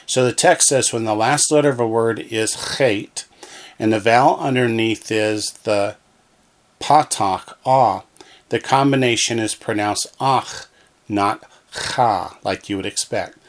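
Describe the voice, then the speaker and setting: A man's voice: fairly low pitch, unhurried. A man teaching a recorded Hebrew lesson from a textbook, patiently repeating each word so learners can echo it. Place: alone in a room, talking to the wall.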